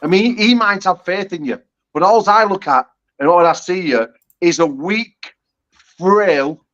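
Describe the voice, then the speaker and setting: A man's voice: high voice, measured pace, a bit bright, muffled recording. A man with a British accent trash-talking a rival on a talk show, crude and mocking, laughing and restarting his sentences. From United Kingdom. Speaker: guest arm wrestler.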